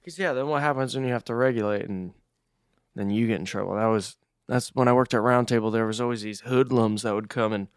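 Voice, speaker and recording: Male podcast co-host, lowish voice, casual swearing storyteller, dry booth sound. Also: dry recording. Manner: laid-back storytelling, heavy swearing, says dude a lot. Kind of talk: casual chat.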